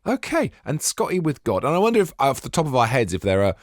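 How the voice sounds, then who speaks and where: A man's voice: medium pitch, very animated, fast talker, no room sound, clean studio sound. A young man co-hosting a podcast, chatting in a rambling, self-deprecating way. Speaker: podcast co-host. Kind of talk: casual chat.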